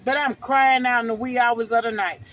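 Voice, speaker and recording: A woman's voice: a little high, steady tone, fairly quick, fairly bright tone, poor audio. A middle-aged woman vlogger telling a personal testimony in a fervent, preachy, emphatic way.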